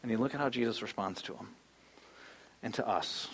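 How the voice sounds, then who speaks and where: A man's voice: lowish voice, brisk, a little hiss or hum. A man in his thirties preaching a sermon as a pastor, conversational and storytelling, acting out the voices in his stories.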